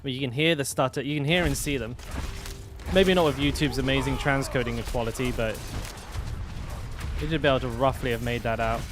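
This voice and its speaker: A man's voice: mid-range voice, steady tone, fairly quick, long pauses, music in the background. A young man chatting casually while streaming a game. He rambles, restarts his sentences and swears easily, with a faint game soundtrack behind him. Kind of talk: casual live-stream commentary.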